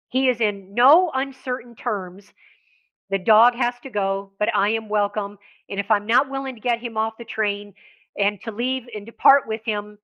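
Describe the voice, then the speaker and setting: A woman's voice: fairly high pitch, sharp tone. A middle-aged American woman telling a personal travel story in a rambling way, with many restarts and quoted dialogue. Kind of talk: casual storytelling. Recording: muffled lo-fi recording.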